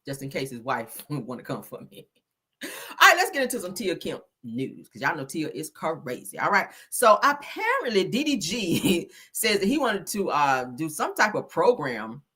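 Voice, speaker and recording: A woman hosting a livestream, teasing and joking with her viewers in casual gossip chat. Her voice is husky and breathy. Her pitch swings widely as she talks. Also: very animated, moderate pace, a bit bright. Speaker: livestream host.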